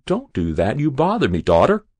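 A man reading aloud, voicing a sharp-tongued, stubborn old woman on her deathbed. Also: mid-range voice, wildly swooping pitch, normal speed, slightly rough, no echo, voice pushed up. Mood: testy. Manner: querulous, scolding. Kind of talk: audiobook reading.

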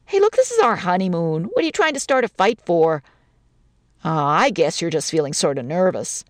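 A woman's voice: lowish voice, big pitch swings, moderate pace, no echo. A woman reading a story, voicing an easygoing young newlywed husband who fumbles over folksy slang while trying to soothe his wife. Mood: placating.

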